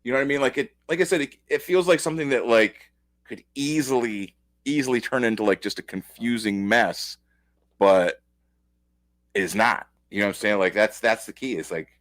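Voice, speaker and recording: A man's voice: medium pitch, normal speed, a bit bright. A man giving a casual, rambling comic book review, enthusiastic and packed with fillers.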